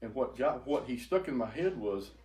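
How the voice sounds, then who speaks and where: An older man telling an emotional personal testimony to a group, halting and repeating words as he goes. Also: mid-range voice, animated, a little mellow. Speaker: speaker giving a testimony. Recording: echoey room, faint noise.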